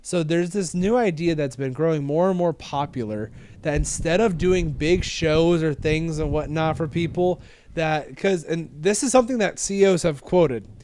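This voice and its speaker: A man's voice: fairly high pitch, normal speed, a little mellow, slight background noise. A man hosting a casual podcast chat, rambling and correcting himself as he goes. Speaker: podcast host.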